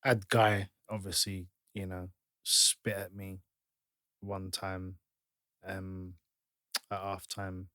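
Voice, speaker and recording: A man speaks as a podcast guest in a fairly low voice, close and dry to the mic. He tells his stories in a lively but halting way, restarting and trailing off as he goes. The tone is casual and open. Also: dry recording. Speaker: podcast guest, former footballer. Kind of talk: casual storytelling.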